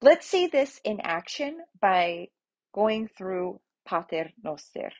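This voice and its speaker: Slow, husky woman teaching. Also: medium pitch, sing-song, darkish tone. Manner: patient, explains step by step with examples and fillers. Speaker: Latin teacher. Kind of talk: relaxed spoken lesson.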